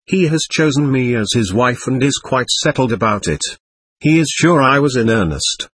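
A man reading a storybook, voicing an excitable, teasing young invalid woman with quick, playful talk. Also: medium pitch, slightly rough, dry recording.

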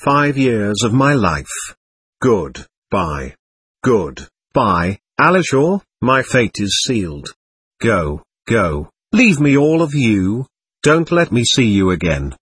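A man's voice: lowish voice, big pitch swings, slow pace, fairly bright tone, slightly rough, full character voice. A man voicing a passionate, distraught young woman in a storybook reading, with a pleading, overwrought delivery. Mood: frantic.

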